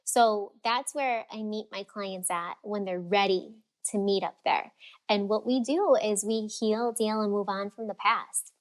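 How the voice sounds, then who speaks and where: Animated woman coach on a podcast. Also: mid-range voice, a little slow. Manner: animated, acts out quoted voices. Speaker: freedom and fulfillment coach, guest. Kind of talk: casual podcast interview.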